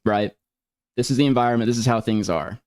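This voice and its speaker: A man's voice: medium pitch, brisk, no echo, studio quality. A man talking casually and earnestly while responding to allegations. He rambles and often restarts his sentences. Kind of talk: casual explanatory talk.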